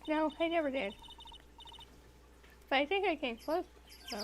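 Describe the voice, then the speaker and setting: A woman's voice: high-pitched, animated, a little slow, noisy background. A woman co-hosting a game playthrough, chatting casually and rambling a little. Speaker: let's play co-host. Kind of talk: casual chat while playing a game.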